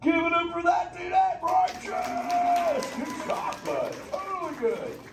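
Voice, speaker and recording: A man's voice: extremely high pitch, wildly swooping pitch, takes it slowly, over loud music, a loud crowd, heavily acted. An actor playing a laid-back male sea turtle who talks like a surfer and banters playfully with the audience. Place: theater. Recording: echoey theater from far off, noisy.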